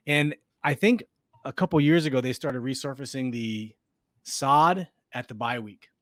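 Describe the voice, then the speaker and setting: A man's voice: medium pitch, a little slow, fairly bright tone, dry recording. A man co-hosting a sports podcast, chatting casually and rambling with restarts. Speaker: podcast co-host.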